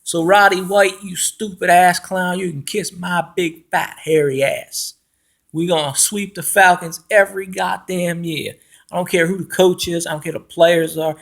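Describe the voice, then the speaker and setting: A man ranting as a football fan, loud and profane, with lots of fillers and restarts. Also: high-pitched, fairly even intonation, moderate pace, gravelly. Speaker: fan commentator.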